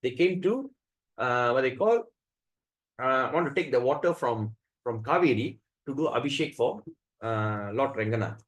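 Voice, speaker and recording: A man teaching a devotional scripture class, telling stories in an animated way, acting out the voices and often restarting his sentences. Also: medium pitch, normal speed, poor audio. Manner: animated storyteller who acts out the voices, with frequent restarts. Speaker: spiritual teacher.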